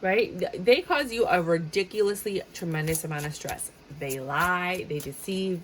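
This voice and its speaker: Lady doing a tarot reading, lowish voice, chatty and dramatic, faint hiss behind. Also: moderate pace, few pauses, rough recording. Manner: chatty and dramatic, breaks into sing-song bits. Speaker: tarot reader. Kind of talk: casual tarot reading monologue.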